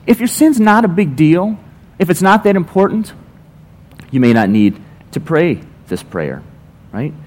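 A man's voice: on the high side, sing-song, unhurried, darkish tone. A man preaching a sermon as a pastor, telling everyday stories with dry, playful sarcasm. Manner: conversational, ironic storytelling with playful sarcasm.

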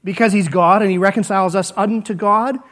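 A man preaching a sermon, earnest and repetitive, swinging between emphatic lines and hushed ones. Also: high-pitched, fairly even intonation, fairly quick. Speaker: pastor.

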